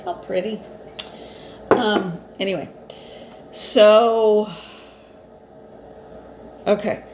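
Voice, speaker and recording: A woman's voice: medium pitch, steady tone, very slow. A woman giving a casual spiritual card reading, chatty and reassuring, with fillers and restarts, a bit short of breath. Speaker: psychic reader. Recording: echoey room, faint ambient noise.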